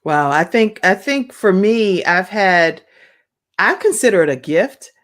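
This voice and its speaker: A woman talk show host telling a personal story in an animated, expressive way. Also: medium pitch, unhurried.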